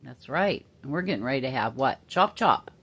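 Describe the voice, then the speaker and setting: A woman chatting casually to viewers and talking to her pet bird in high sing-song baby talk. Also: expressive, a little fast, breathy edge. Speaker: pet vlogger. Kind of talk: casual chat to camera and pet.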